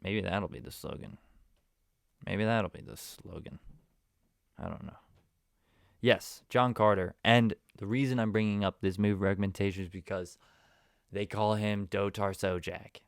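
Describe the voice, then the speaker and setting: A man hosts a casual solo podcast in a rambling, offhand way, punctuated by sudden loud bursts of emphasis. His voice sits a little low and sounds smooth and clear. The recording is dry and close. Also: fairly even intonation, measured pace, pauses often, no room sound. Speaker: podcast host.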